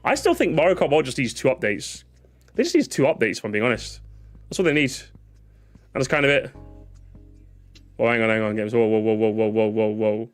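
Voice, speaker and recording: A man's voice: medium pitch, big pitch swings, fairly quick, long pauses, faint music behind. A young man streaming a casual reaction to comments, sarcastic and jokey, often stammering and restarting his sentences.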